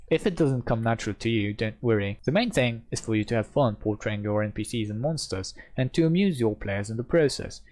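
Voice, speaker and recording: A man's voice: on the low side, a little mellow. Man reading rules aloud. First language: Polish. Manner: reads rule text steadily, then gives loose, self-doubting asides. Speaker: host reading a game rulebook aloud. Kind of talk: rulebook readalong with commentary.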